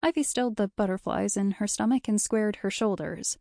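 Female audiobook narrator, warm and measured, close dry read. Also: medium pitch, gravelly, no echo.

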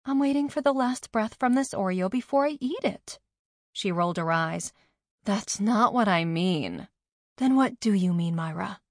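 A woman narrating a first-person novel, voicing the dialogue with lively changes. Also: mid-range voice, unhurried, dry recording, clean studio sound. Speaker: audiobook narrator.

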